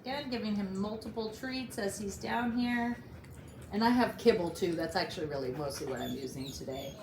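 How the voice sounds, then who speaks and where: A woman dog trainer explaining each step of a training session while coaxing a puppy. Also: normal speed. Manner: explains steps while coaxing a puppy, jumping to high praise. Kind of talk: instructional training demonstration. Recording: roomy and noisy.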